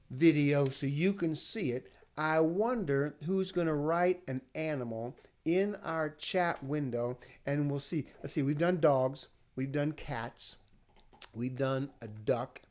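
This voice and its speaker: A teaching artist on a home livestream, talking playfully to children and his dogs between songs. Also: fairly high pitch. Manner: animated, playful, talks to his dogs and viewers. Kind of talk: children's music session on a livestream. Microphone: livestream camera. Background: guitar.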